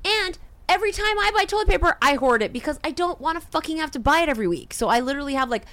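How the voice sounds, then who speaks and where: Profane, animated woman ranting. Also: sits high, very fast, no echo. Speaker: podcast co-host. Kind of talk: casual comedic podcast rant.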